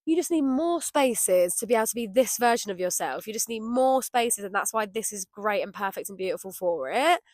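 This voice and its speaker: A woman hosting a podcast, talking to herself in a rambling reflection, laughing often and swinging from loud outbursts to quiet murmurs. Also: medium pitch, lively intonation, a little fast, hardly any pauses, dry recording. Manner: talks to herself as "babe" and "darling". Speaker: podcast host. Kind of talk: solo spoken reflection outdoors.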